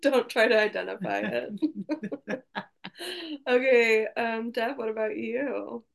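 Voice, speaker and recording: Upbeat woman podcast host with a gravelly, fry-heavy voice, steering a friendly chat. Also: a little high, slow pace. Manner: upbeat and encouraging, leading the conversation.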